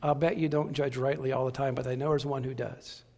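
A man's voice: mid-range voice, flat delivery, fairly quick, a little mellow, big-room sound. A man preaching a sermon with passion, repeating key phrases for emphasis. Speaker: pastor.

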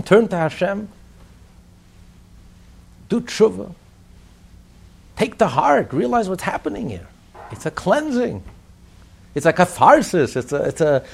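Man, Torah teacher, husky voice, somewhat high pitch, emphatic and repetitive. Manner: emphatic, repetitive, rhetorical questions. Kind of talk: religious text class.

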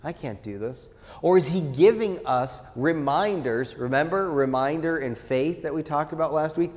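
A man's voice: on the high side, moderate pace, a little mellow. A man preaching a conversational sermon as pastor, asking questions and acting out quotes in a casual way. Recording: long hall reverb.

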